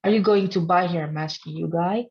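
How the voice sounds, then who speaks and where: A woman's voice: fairly low pitch, fairly quick, husky, lo-fi sound. A woman teaching a casual online trading lesson. She speaks simple non-native English and teases her viewers, laughing often. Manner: playful and teasing, laughing often. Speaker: trading instructor.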